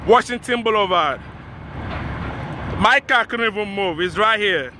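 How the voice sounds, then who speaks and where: A man filming a highway crash on his phone outdoors, exclaiming in shock and repeating himself. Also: expressive, measured pace. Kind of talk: live phone-video commentary. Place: outdoors beside a busy highway in a storm. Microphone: phone camera. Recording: loud outdoor traffic and rain noise.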